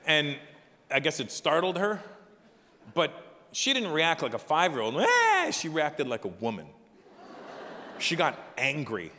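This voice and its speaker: A middle-aged man performing stand-up on stage, his voice high and bright with a lively, swooping pitch. He talks in an animated, profane, chatty way and riffs with the audience. The sound is a live hall with a long reverb tail and faint ambience behind him. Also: measured pace, long pauses, a little hiss or hum. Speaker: comedian. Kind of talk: stand-up comedy.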